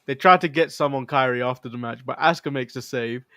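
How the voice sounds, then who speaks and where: A man's voice: mid-range voice, fast talker, fairly bright tone, clear, resonant tone, no echo, clean studio sound. A man from the United States co-hosting a podcast, recapping a wrestling show in a laid-back way. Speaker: podcast co-host.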